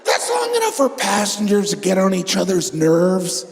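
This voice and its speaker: Middle-aged deadpan stand-up comedian. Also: male voice, high-pitched, moderate pace, creaky, hardly any pauses. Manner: deadpan delivery, jumps to shrieking exaggerations. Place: large live comedy venue with audience laughter. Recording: echoey hall, noisy audience room.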